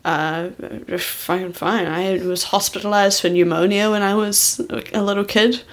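A woman co-hosts a casual podcast chat with a heavy vocal fry. Her voice is a little hoarse from a recent illness. She talks wryly, swears freely and laughs easily. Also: mid-range voice, steady tone, a little hiss or hum. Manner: wry, swearing, quick to laugh. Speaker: podcast co-host.

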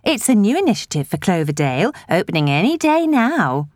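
A woman's voice: medium pitch, big pitch swings, brisk, a little mellow, no room sound, studio quality, pitched above the performer's own voice, natural voice. A woman voicing a chatty, nosy middle-aged village woman who gushes in breathless chatter, in an audiobook. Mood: gushing. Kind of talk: audiobook character voice.

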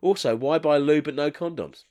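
A man's voice: fairly high pitch, normal speed, a little mellow. A man co-hosting a comedy podcast, swearing and teasing his co-host as he reads listener letters.

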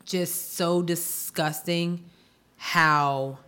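A woman's voice: lowish voice, steady tone, drawn-out words, pushed and bright, clear, resonant tone. Exasperated woman podcast co-host. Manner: exasperated, emphatic, repeats herself. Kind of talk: casual chat.

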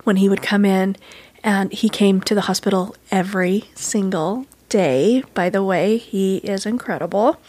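A woman guest telling a personal story in an interview, earnest and animated, acting out quoted dialogue as she goes. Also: medium pitch, moderate pace, breathy edge.

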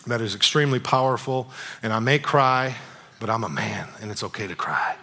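A male pastor preaches in a church with a bright, clear-edged voice at an ordinary pitch. He talks conversationally and animatedly, repeating phrases and checking in with the congregation as he tells a story. His delivery mixes loose chat with earnest storytelling. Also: brisk. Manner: conversational and animated, repeats phrases, frequent "you know what I'm saying". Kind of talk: casual, storytelling sermon.

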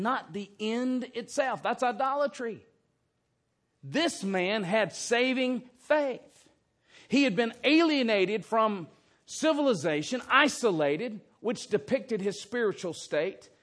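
A man with a notably high voice preaches slowly and deliberately from the pulpit. He drives his points home with emphasis and keeps asking his congregation pointed rhetorical questions. The sermon is delivered in a church sanctuary. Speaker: pastor. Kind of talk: expository sermon.

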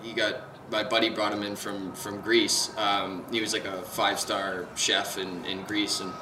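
A man's voice: on the low side, little pitch movement, moderate pace, echoey room, noisy background. A man co-hosting a podcast, talking in a laid-back, hesitant way with plenty of ums. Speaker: podcast co-host. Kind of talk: casual chat.

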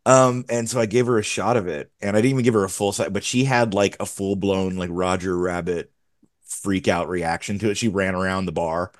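Low-voiced man telling a halting anecdote. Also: fairly even intonation, no room sound, studio quality. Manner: hesitant storyteller, many fillers. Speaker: podcast co-host. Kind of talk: casual chat.

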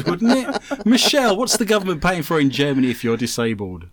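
A man's voice: fairly high pitch, sing-song, fairly quick. A man hosting a comedic radio show, cracking puns and reading out listener messages. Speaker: host.

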